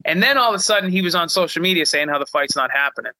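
A young man with a high, bright voice tells a fight story in loose, animated chat, peppering it with "like" and curse words. The sound is dry and close, with no room around it. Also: very fast, dry recording, poor audio. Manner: animated, frequent "like" fillers, profane. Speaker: guest, fighter. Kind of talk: casual storytelling.

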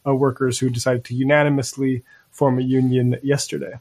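A man co-hosting a casual political podcast, talking in a loose, meandering way and pausing mid-thought. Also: medium pitch, little pitch movement, darkish tone. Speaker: podcast co-host.

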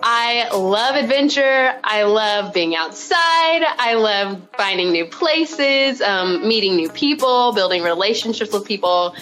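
A woman's voice: mid-range voice, animated, unhurried, hardly any pauses, low-quality recording. Young woman with an Arkansas drawl. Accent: Arkansas Southern US. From Arkansas, United States. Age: 20s. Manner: friendly, chatty, frequent ums and soft laughs. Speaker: guest, third grade teacher. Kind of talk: casual interview answers.

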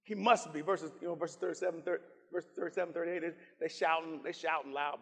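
A man preaching a fervent sermon, shouting and repeating phrases, calling out to the congregation. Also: on the high side, steady tone, fast, gravelly, hardly any pauses, husky, big-room sound. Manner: fervent preaching with shouts, repetition and call-outs.

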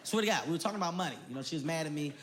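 A man doing stand-up comedy, loud and animated, shouting punchlines. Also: fairly high pitch, rapid-fire. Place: large venue with laughing audience. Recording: live show with loud crowd and noise.

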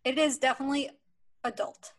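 A woman's voice: sits high, little pitch movement, fairly quick. A young adult woman co-hosting a casual podcast, talking enthusiastically and insistently. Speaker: podcast co-host.

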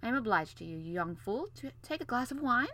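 A woman's voice: on the high side, big pitch swings, brisk, pitched above the performer's own voice. A woman voicing a hot-tempered old king who bellows and blusters. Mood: gruff. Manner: blustering, shouting.

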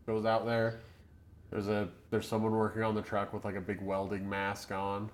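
A man with a low voice talks through a movie recap for his podcast. He is sarcastic and swears freely. He laughs a lot while he goes. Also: monotone, normal speed. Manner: profane, sarcastic, laughs often. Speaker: podcast co-host. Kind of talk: casual movie recap chat.

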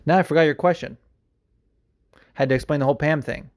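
A man's voice: fairly high pitch, fairly quick. A man hosting a podcast, answering listener questions in a rambling, profane, enthusiastic way. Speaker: podcast host. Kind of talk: casual chat.

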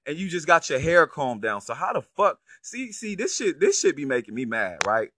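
A man's voice: on the high side, big pitch swings, normal speed, sharp tone, dry recording, clean studio sound. A man giving casual, profane reaction commentary on a clip, incredulous and heavy on slang. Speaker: online commentator.

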